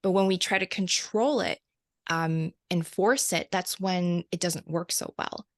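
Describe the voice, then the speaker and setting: A woman's voice: on the low side, measured pace, no echo, studio quality. A woman who works as a light language channeler, talking reflectively as an interview guest, laughing often and restarting her sentences. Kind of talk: casual interview conversation.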